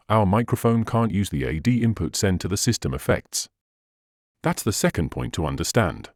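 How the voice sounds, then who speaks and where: Male tutorial host, low and lively pitch, dry close sound, patient step-by-step explainer. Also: no room sound. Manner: patient step-by-step explaining, slightly non-native phrasing. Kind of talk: instructional screen walkthrough.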